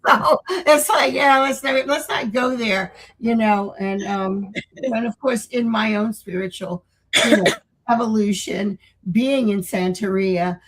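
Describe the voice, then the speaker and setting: Husky older woman telling stories. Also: fairly high pitch, a little slow, a bit bright, low-quality recording. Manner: rambling, with many restarts and acted-out quotes. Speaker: guest. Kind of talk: casual interview storytelling.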